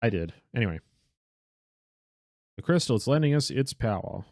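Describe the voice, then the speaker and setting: A man's voice: mid-range voice, big pitch swings, normal speed, a little mellow, no echo, studio quality. A young man casually commenting on his own game stream, rambling, correcting himself, swearing and laughing now and then. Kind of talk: casual live gameplay commentary.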